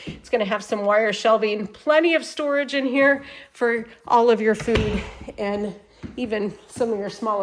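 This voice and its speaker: Chatty upbeat woman giving a home tour. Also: on the high side. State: slightly congested from a cold. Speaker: manufactured home salesperson and channel host. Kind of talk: casual home tour vlog.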